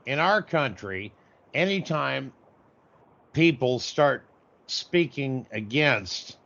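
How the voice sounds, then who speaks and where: Gravelly slow-talking man. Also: mid-range voice, lively intonation, fairly bright tone. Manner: gruff, profane interjections. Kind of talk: heated call-in talk. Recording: slightly dull lo-fi audio.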